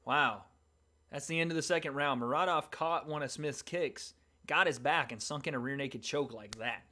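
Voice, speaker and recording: Reacting live to a fight on his livestream, this male host narrates the action casually and with excitement. His medium-pitched voice moves at an ordinary pace and erupts into sudden cheers whenever something big happens.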